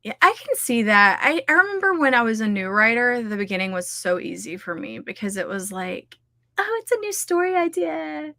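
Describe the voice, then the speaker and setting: A woman's voice: medium pitch, lively intonation, fairly quick, hardly any pauses, bright, forceful tone, no echo, studio quality. A woman hosting a casual livestream, chatty and scattered, laughing often as she talks. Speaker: livestream host running writing sprints. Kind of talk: casual chat to a live audience.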